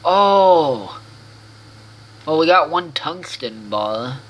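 A man's voice: a little high, animated, drawn-out words, a bit bright, low-quality recording. A man hosting a casual let's-play video, rambling to himself with restarts and the odd swear word as he plays. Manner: rambling self-talk with frequent restarts and swearing. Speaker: gaming video host.

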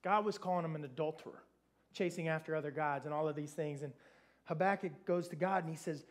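A man preaching a sermon in a conversational, animated way, with playful asides and retold dialogue. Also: fairly high pitch, a little fast.

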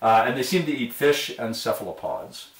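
A man, a university professor, giving an online lecture and telling a story with lively enthusiasm, acting out the quoted voices. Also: medium pitch, moderate pace. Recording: roomy, distant mic.

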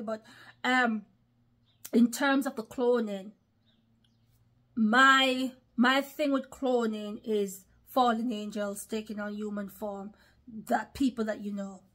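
Fairly bright and on the high side, this woman's voice carries emphatic religious commentary for an online vlog. As an internet preacher, she often calls out to her brothers and sisters.

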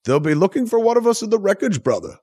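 A man voicing a hulking masked villain with a posh, old-fashioned and calmly menacing manner. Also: high voice, slightly rough, no room sound, pitched above the performer's own voice, exaggerated voice. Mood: calm menace. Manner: measured, oddly genteel menace.

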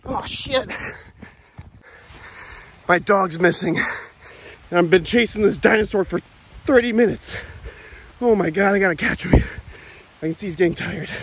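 Breathless excited man outdoors. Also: high-pitched, measured pace, long pauses, a little hiss or hum. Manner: excited, breathless, repeating himself while chasing an animal. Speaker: vlogger. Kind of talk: handheld outdoor vlog. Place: outdoors, open rural field.

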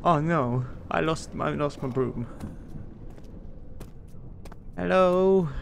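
A man giving casual let's-play commentary, swearing a lot, excitable, and talking to himself as he plays. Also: on the high side, normal speed, gravelly, a little hiss or hum. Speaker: gameplay streamer.

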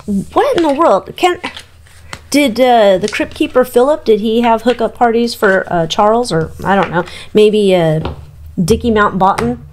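A woman's voice: on the high side, lively intonation, measured pace, a little hiss or hum. Gossipy woman giving a tarot reading. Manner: gossipy, irreverent, frequent ums and laughs. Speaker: tarot reader. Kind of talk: casual chatty tarot reading.

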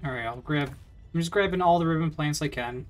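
A man's voice: on the high side, fast, faint music behind. A man chatting casually while playing a video game, rambling with fillers and small laughs. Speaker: let's play host. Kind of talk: casual gameplay commentary.

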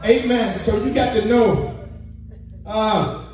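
A man's voice: high voice, slow, a little mellow. A man preaching a sermon to a congregation, joking and sliding into a chanted, sing-song cadence. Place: church sanctuary. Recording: echoey church hall from far off with music.

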